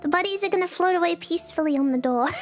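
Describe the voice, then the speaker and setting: A woman with a very high, squeaky voice chats casually with her viewers. She giggles a lot and plays up every mishap with mock drama and self-mockery. Soft music plays faintly underneath. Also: huge pitch swings, a little fast. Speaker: streamer.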